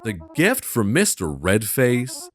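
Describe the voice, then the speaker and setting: A man's voice: medium pitch, huge pitch swings, slow pace, faint music behind. A man giving casual gameplay commentary with crude, sarcastic humor.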